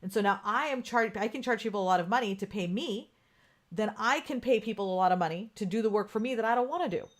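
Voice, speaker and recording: Woman host, frank and swearing, live coaching chat, mid-pitched. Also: fast talker. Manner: candid and profane, laughs often, reads out viewer comments. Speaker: podcast host. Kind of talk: casual live-stream coaching talk. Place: home room with ring light.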